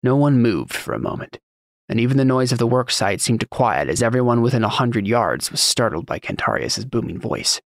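Guy reading a fantasy audiobook, steady and even, dead dry close sound. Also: medium pitch, a little fast, no echo. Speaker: narrator. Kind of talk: audiobook narration.

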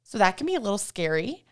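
A woman's voice: mid-range voice, very animated, brisk. Affirming woman guest on parenting. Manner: warm affirming backchannels, easygoing explanations. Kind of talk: casual faith-based parenting chat.

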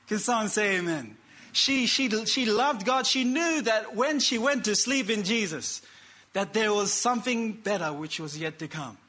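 High bright-voiced male preacher. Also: expressive. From Australia. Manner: dramatic pauses, quotes characters, calls for amen. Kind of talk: sermon storytelling.

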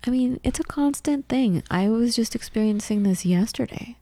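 A woman's voice: a little high, moderate pace, warm tone, no echo. A woman podcast co-host in her thirties telling candid personal stories in casual conversation, with frequent restarts.

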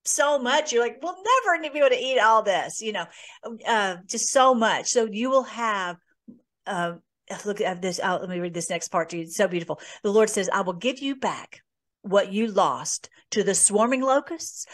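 A woman hosting a conversational Bible teaching, reading scripture aloud and commenting earnestly with many fillers. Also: medium pitch. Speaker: host.

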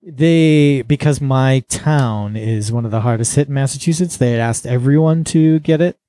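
A man co-hosting a podcast, explaining things quickly and earnestly in casual chat. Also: medium pitch, warm tone, no room sound. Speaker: podcast co-host.

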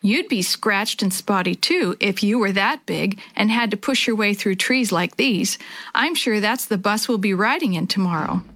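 A woman's voice: medium pitch, normal speed, fairly bright tone, dry recording, close to an everyday voice. A woman reading a cheerful, patient father figure. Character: good-humored man, church teacher's husband.

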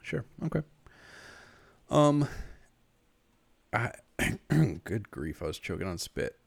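A man's voice: fairly low pitch, very animated, slow pace, gravelly, no echo. A man co-hosting a casual podcast chat, rambling with many fillers and restarts. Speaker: podcast co-host.

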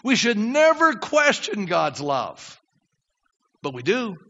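An older male pastor preaches with a high, bright, sharp voice that leaps all over its range. He acts out prayers, drops low, then builds to shouts. The recording is dull and carries the long reverb of a church hall. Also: wildly swooping pitch, slow pace. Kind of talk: sermon. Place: church sanctuary.

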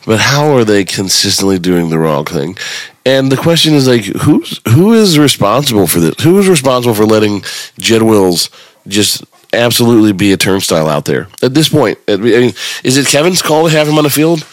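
Frustrated guy on a sports pod, lots of rhetorical questions, pitch all over, dry sound. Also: expressive, moderate pace, dry recording, low-quality recording. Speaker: podcast co-host. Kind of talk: casual sports talk.

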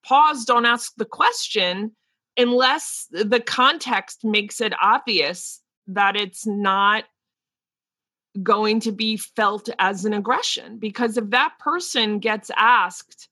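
A woman's voice: medium pitch, slow pace, dry recording. A woman in her forties with a New Jersey accent, a teacher talking casually and thinking aloud. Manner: animated, thinks aloud with restarts. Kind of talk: casual discussion.

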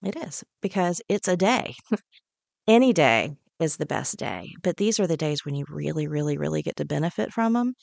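A woman leading a guided breathing meditation on a podcast, giving slow, soothing, repeated instructions. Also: sits low, very animated, gravelly, darkish tone, dry recording. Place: podcast studio.

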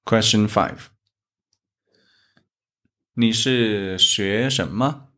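Brief: male Chinese-accented language teacher, low voice, unhurried, deliberate delivery. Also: pushed and bright. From China. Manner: speaks Chinese examples slowly and deliberately. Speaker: Chinese teacher, podcast host. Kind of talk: slow, methodical language lesson.

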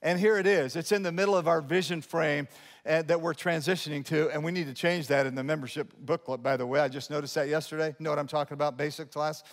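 A male pastor preaching a sermon in an animated way, jumping between loud emphatic lines and quiet asides, with humorous remarks to his congregation. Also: fairly high pitch, fast. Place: church sanctuary. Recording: long hall reverb of a church sanctuary.

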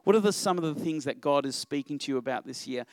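Animated middle-aged male pastor preaching. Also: on the high side, fast, no room sound. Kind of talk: sermon. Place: church.

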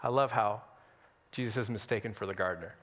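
A male pastor preaching an Easter sermon in a conversational, humorous way, with dramatic pauses. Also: lowish voice, fairly bright tone, in a large hall. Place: church sanctuary on Easter Sunday.

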